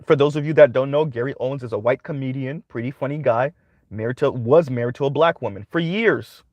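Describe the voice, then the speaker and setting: A man's voice: mid-range voice, fairly quick, dry recording, highs cut off. A man hosting a commentary channel, giving a casual monologue that keeps checking in with "right?". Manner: conversational, repeats "right?" often.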